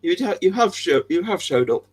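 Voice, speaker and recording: A man's voice: sits high, expressive, a little fast, slightly rough. A man hosting a livestream, chatting casually with viewers in a jokey, giggly way. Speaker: livestream host.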